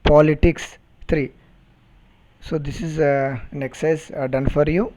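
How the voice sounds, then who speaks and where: A man with an Indian English accent teaching a phonetics lesson, speaking slowly and deliberately and repeating words to model their pronunciation. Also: a little high, steady tone, dark tone. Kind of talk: recorded phonetics lecture. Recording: dull lo-fi recording.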